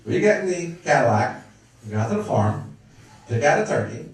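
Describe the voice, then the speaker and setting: On a comedy club stage, a brash middle-aged stand-up from Brooklyn, New York fires off wisecracks and plays to the crowd. He speaks fairly quickly in a medium pitch and is very animated. The mic catches him from far off, with plenty of club echo.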